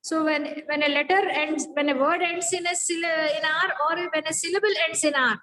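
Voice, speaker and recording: A woman's voice: high-pitched, fairly even intonation, fairly quick, pushed and bright, low-quality recording. A woman teacher giving a phonetics lecture, explaining rules step by step and checking that students follow.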